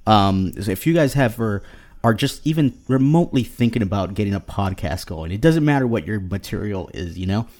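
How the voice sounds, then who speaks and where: A man in his thirties chatting on a home podcast mic. His voice sits on the low side, and he rambles along, restarting his sentences and leaning on fillers. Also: lively intonation, fairly quick, darkish tone. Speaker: podcast co-host. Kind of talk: casual podcast chat.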